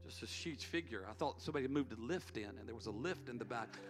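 A man's voice: medium pitch, expressive, quick pace. A middle-aged man, a pastor, telling a story in an earnest sermon, repeating key words for emphasis. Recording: long hall reverb, faint music. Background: faint music.

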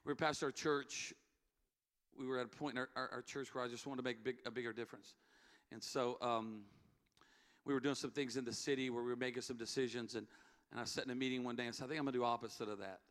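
A man's voice: medium pitch, fairly even intonation, fast, fairly bright tone. A middle-aged man, a pastor, telling a story in an earnest sermon, repeating key words for emphasis. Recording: long hall reverb, faint music. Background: faint music.

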